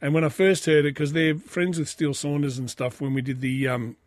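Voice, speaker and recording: A man's voice: on the high side, flat delivery, a little fast, no echo. A man with an Australian accent hosting a podcast, casually reading out comments with loose, crude asides. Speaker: podcast host.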